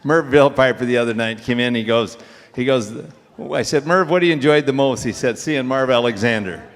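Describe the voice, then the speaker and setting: A man's voice: mid-range voice, brisk. A man emceeing a graduation ceremony in a folksy, joking way, calling people up. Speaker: auctioneering school emcee. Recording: long hall reverb.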